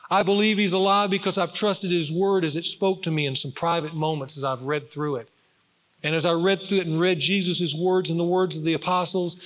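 A man's voice: high-pitched, a bit bright. A middle-aged man, a pastor, preaching an earnest, emphatic sermon in a church sanctuary. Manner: earnest, emphatic preaching with rising and falling force. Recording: dull reverberant church recording.

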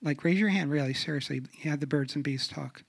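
A middle-aged man preaching a sermon on a church stage, asking rhetorical questions and dropping to a hush for emphasis. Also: on the high side, quick pace, vocal fry, husky. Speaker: guest speaker on sexuality. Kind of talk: sermon with humorous stories.

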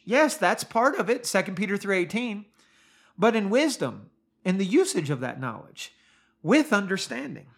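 Male preacher with a high voice; earnest, emphatic sermon delivery full of pointed questions. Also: fairly bright tone. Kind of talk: sermon podcast.

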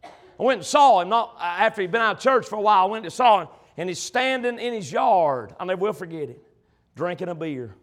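A male preacher delivering a sermon, emphatic and swinging between loud passages and hushed ones. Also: high voice, lively intonation, brisk.

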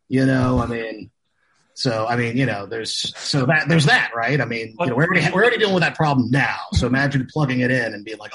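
A man with a slightly husky, breathy voice talks through a story at a relaxed podcast table. He rambles, stacks up fillers and circles back before landing his point. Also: medium pitch, fast. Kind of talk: casual chat.

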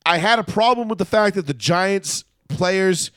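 A man's voice: high-pitched, measured pace, no room sound, clean studio sound. Heated, profane man on sports talk. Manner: heated, profane, animated storytelling. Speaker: podcast co-host. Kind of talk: casual sports chat.

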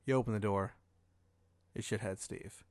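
A male podcast host telling an improvised comedic story in a rambling, deadpan way. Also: lowish voice, moderate pace, dry recording, clean studio sound. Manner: rambling, deadpan, with filler words.

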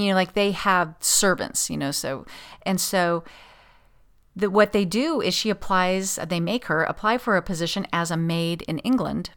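A woman with a slightly low voice hosts her podcast from a home office at a desk. She chats casually and rambles, with plenty of ums, uhs and restarts. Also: gravelly, a bit bright. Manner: chatty, rambling, many fillers and restarts. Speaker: podcast host. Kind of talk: casual chat.

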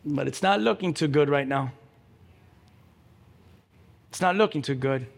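A man's voice: a little high, unhurried, gravelly, in a large hall. A man preaching a sermon as pastor, urging the congregation directly and with emphasis.

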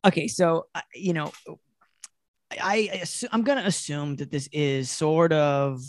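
A young man riffs in a loose, comic chat, stumbling through restarts and laughing at his own jokes. His voice sits fairly high, and it sounds dry and close with no room around it. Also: unhurried, no echo. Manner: rambling, laughs often, many restarts. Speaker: podcast host. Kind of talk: casual comedic chat.

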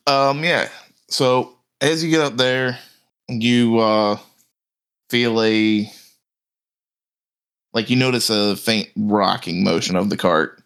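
A man narrating as game master, slow and halting with many fillers and restarts. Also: on the low side, a bit bright, clean tone.

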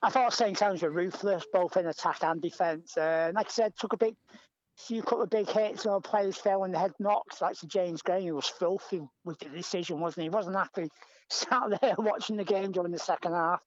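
A man's voice: high-pitched, a little fast. A man co-hosting a sports podcast, giving strong opinions in a casual chat. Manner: opinionated, animated about the game. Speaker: podcast co-host. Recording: dull lo-fi remote audio.

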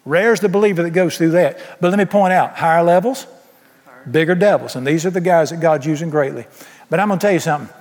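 A man's voice: a little high, fast talker. A man preaching a sermon, telling stories in an emphatic, folksy way. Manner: storytelling, emphatic, Southern folksy phrasing. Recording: long hall reverb.

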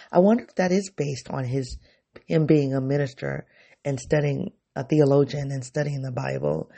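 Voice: medium pitch, gravelly, mellow. A vlogger giving a reflective personal monologue, thinking aloud and correcting themselves as they go.

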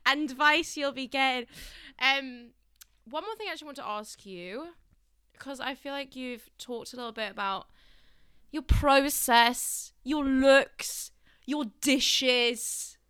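Bright, giggly young woman hosting a podcast. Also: high-pitched, unhurried, clean tone, no echo. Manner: giggly, chatty, easily sidetracked. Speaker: podcast host. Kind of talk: casual podcast interview.

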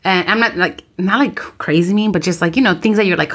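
A woman in her thirties talks frankly as a podcast co-host. She has a lowish voice and a lively, open way of telling stories. She mixes English and Spanish freely. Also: fairly quick, husky. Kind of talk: casual chat.

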